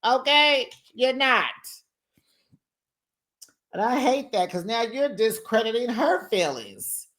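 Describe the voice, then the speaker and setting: A man hosting a casual reality TV recap, sassy and animated, acting out what the cast said. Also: extremely high pitch, slow pace, pauses often. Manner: sassy, animated, acts out quotes.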